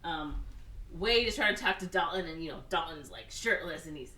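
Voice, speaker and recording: A woman's voice: low-pitched, expressive, brisk, distant mic, background noise. Woman recapping a movie in an echoey room. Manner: rambling movie recap with voiced quotes. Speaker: podcast co-host. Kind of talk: casual chat.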